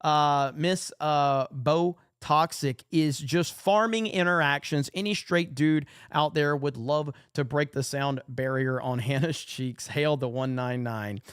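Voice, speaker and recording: A man's voice: a little high, slow, hardly any pauses, a bit bright, smooth, no room sound, clean studio sound. A man hosting a casual livestream, reading chat comments aloud and reacting with emphatic, profane, repetitive commentary. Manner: profane, emphatic, repeats himself. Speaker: podcast host.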